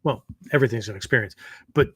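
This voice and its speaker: A man with a husky, slightly breathy voice at a middle pitch, teaching in a loose, rambling way. He keeps checking in with his listeners through fillers and tag questions. The sound is close and dry. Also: fast, a bit bright, dry recording. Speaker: martial arts teacher and show host. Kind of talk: casual spoken lecture.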